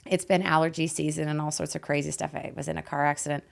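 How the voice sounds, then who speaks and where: A woman from Canada hosting a podcast, her voice hoarse and raspy, talking in a bubbly, emphatic way and laughing often. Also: low voice, little pitch movement, quick pace. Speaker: podcast host and life guide. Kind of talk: casual podcast chat. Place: podcast studio.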